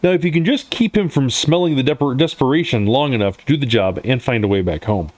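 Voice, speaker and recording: A man acts as game master for a tabletop role-playing game, narrating loosely with lots of fillers and restarts and laughing easily. His voice is medium-pitched, a little fast and darkish in tone, with no room sound.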